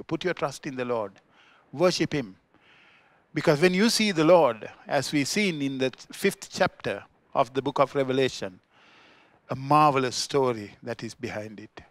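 A male pastor with a Sri Lankan accent delivers a church sermon in a fairly high voice, rising to loud, emphatic statements before dropping to quiet, low asides. The audio is close-miked and dry, with almost no echo.

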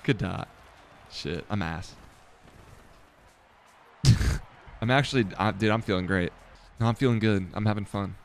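A man's voice: on the low side, unhurried, pauses often, slight background noise. A young man casually commenting on his own football video game play, talking to himself, swearing and mocking his own mistakes. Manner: swearing, self-deprecating, talks to himself while playing. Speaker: gaming streamer.

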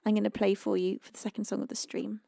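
Woman, British accent, young adult, stream host, bubbly and affectionate, slightly raspy fry, dry close mic. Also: medium pitch, level tone, fast, dark tone, dry recording. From United Kingdom. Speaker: music livestream host. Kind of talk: casual chat with viewers between songs.

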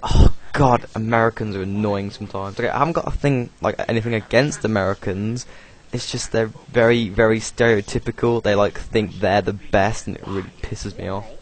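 A young man with a British accent talks loosely over his own animation, his voice sitting a little low. He rambles, swears offhandedly and laughs at his own asides, like a casual home voice-over. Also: steady tone, fairly quick, few pauses. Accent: British English. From Britain. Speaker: video creator doing commentary.

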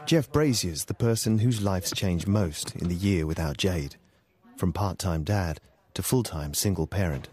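A man giving a measured, sombre documentary narration. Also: deep voice, dark tone.

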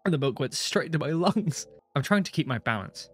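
A man's voice: on the high side, animated, a little fast, fairly bright tone, slightly rough, faint music behind. A young man reading a visual novel aloud and reacting to it, with casual talk, frequent swearing and laughs between lines. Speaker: gaming streamer.

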